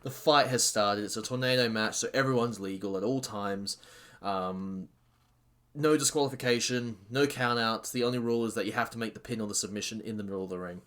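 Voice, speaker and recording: A man hosting a casual wrestling recap, excitable and rambling with many fillers and restarts. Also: on the low side, a little fast. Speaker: podcast host reviewing a wrestling show.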